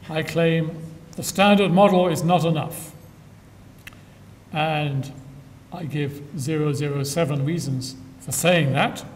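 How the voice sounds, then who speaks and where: An older man giving a public science lecture with dry humor and frequent filler pauses, recorded in a lecture hall from a distance. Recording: echoey hall from far off, faint rumble.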